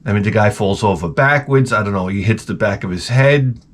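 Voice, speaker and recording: A man's voice: lowish voice, brisk, a little hiss or hum. A hungover man vlogging in a rambling, profane comedic monologue. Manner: rambling, profane, crude humor.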